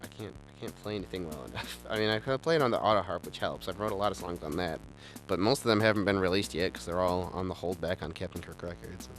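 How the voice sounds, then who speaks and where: A man's voice: sits low, quick pace, over music. A man hosting a casual chat, rambling enthusiastically with many stumbling restarts. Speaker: show host.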